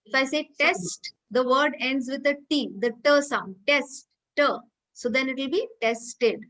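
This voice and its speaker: Woman, teacher, video call, high voice, bright tone. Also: measured pace, rough recording. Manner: explains patiently, quizzes students by name, mixes in Hindi. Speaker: English teacher. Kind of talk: online class teaching.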